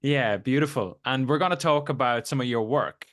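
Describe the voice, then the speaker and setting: A man's voice: medium pitch, normal speed, fairly bright tone. Friendly man hosting a podcast. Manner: friendly, welcoming, chatty. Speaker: podcast host, coach. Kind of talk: casual interview conversation.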